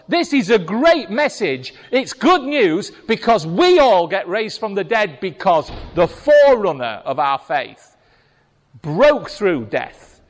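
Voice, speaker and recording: Emphatic male pastor, high and swooping delivery, slow and deliberate, church reverb. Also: sing-song. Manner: emphatic, rhetorical questions to congregation. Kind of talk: sermon. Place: church hall. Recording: long reverb of a large hall.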